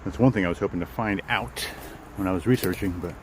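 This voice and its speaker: His voice sits low and he talks fast while strolling through the woods on a live stream with viewers. The vlogger rambles and repeats himself, and the rough recording has a bit of hiss or hum.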